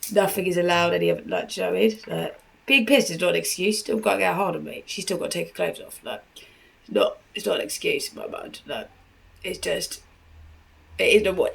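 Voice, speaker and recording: A woman's voice: lowish voice, creaky, rough recording. A British woman hosting a podcast, reacting to a clip in blunt, crude, chatty talk full of swearing. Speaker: podcast host. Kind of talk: crude casual reaction commentary.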